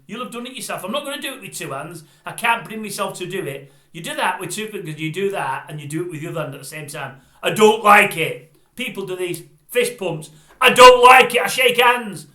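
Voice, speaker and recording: Grumpy older bloke ranting to camera, blunt and rambly, highish bright voice, echoey room. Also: male voice, very animated, a little fast. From Britain. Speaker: vlogger. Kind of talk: opinionated monologue to camera. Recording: roomy echo.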